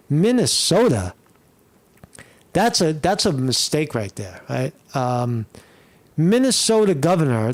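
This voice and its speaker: A man's voice: a little high, gravelly. A man doing blunt, profane live-stream commentary, rambling and restarting as he reacts to news.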